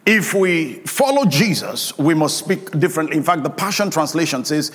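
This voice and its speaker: A man's voice: on the high side, animated, normal speed, fairly bright tone. A man preaching a sermon with emphatic, call-and-response delivery, drawing out key words. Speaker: pastor. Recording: long hall reverb.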